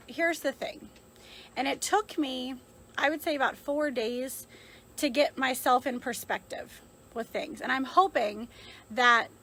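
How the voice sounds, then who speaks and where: A woman's voice: fairly high pitch, bright, forceful tone, slight background noise, poor audio. A woman in her thirties speaking earnestly and reflectively into her phone, a mother sharing her story in a heartfelt vlog with lots of fillers. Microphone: phone held in hand.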